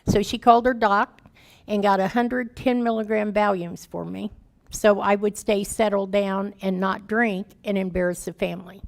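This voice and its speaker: A woman's voice: mid-range voice, fairly even intonation, moderate pace, creaky. A woman in her fifties, a guest speaker telling her recovery story in candid, plain-spoken, folksy words, emotional and raw. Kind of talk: personal recovery testimony.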